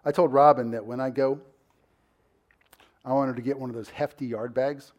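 A male pastor preaching a sermon in a loose, conversational way. He leans on fillers, and his voice sits mid-range in pitch. He breaks into loud, emphatic bursts to drive a point home. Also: steady tone, normal speed.

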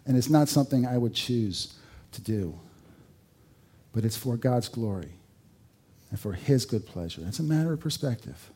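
Male preacher, warm mellow tone, chatty sermon delivery with asides and wry jokes. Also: medium pitch, animated, moderate pace, long pauses, husky. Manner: conversational, rhetorical questions, dry humor. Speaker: pastor.

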